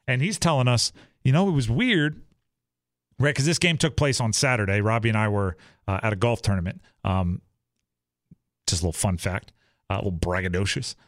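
A man's voice: on the low side, fairly quick, pauses often, dry recording, clean studio sound. Chatty man on a sports show. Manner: rambling, animated, acts out quoted teammates. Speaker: sports podcast co-host. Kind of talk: casual sports talk.

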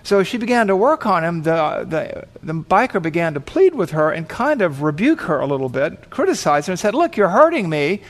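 Storytelling man pastor, slightly high voice. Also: sing-song, a little fast, few pauses. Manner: vivid, dramatic storytelling. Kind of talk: sermon storytelling.

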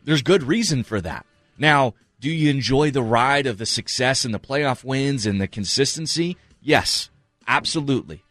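A man's voice: mid-range voice, a bit bright, dry recording. A man co-hosting a sports talk show, giving earnest, emphatic analysis and repeating his points for stress. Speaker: sports radio co-host.

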